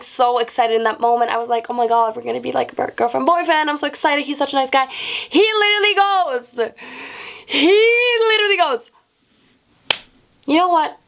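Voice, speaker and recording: A woman's voice: a little high, vocal fry. Dramatic young woman telling a story. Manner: dramatic, swears a lot, acts out quotes. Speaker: vlogger. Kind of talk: storytime vlog.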